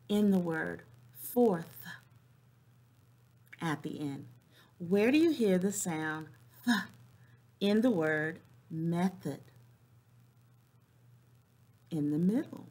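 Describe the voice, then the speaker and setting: A woman teacher leading young children through a phonics lesson, clearly sounding out word parts and encouraging them. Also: medium pitch, darkish tone. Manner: encouraging classroom tone.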